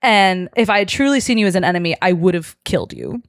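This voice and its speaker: A woman's voice: on the low side, sing-song, quick pace, no echo, studio quality. A woman voicing a formal, remorseful male alien science officer with stiff, formal phrasing. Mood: earnest.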